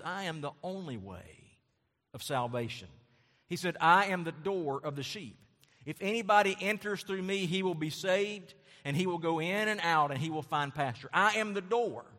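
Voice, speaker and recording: Emphatic preacher in a reverberant hall. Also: male voice, high-pitched, expressive, normal speed, sharp tone. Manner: emphatic, repetitive preaching with rhetorical questions. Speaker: pastor. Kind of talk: sermon.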